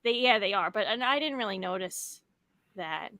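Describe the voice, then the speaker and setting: Bright, dry-miked young woman from New York, easygoing livestream co-host. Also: mid-range voice, expressive, moderate pace, no echo. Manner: chatty, laughs easily. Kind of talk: casual chat.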